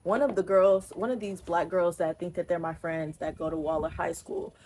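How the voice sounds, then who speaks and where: A young woman vlogger from Texas tells an animated, emphatic, profane storytime in casual talk. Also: fairly low pitch, moderate pace, slight background noise.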